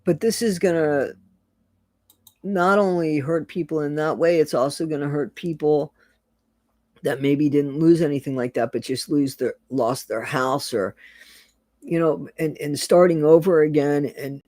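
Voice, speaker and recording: A man's voice: on the high side, a little slow, darkish tone, no room sound. Earnest, emotional man chatting live. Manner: earnest and emotional, swears casually, greets chatters by name. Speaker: live-stream host. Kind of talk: casual live-stream chat, reading out viewer comments.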